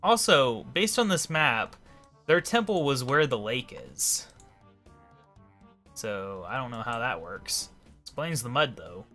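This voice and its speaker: A man giving casual commentary over his video game play. His voice is bright and his remarks are offhand and wry, at a middle pitch. Faint music plays behind him. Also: lively intonation, slow pace, long pauses. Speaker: let's play host.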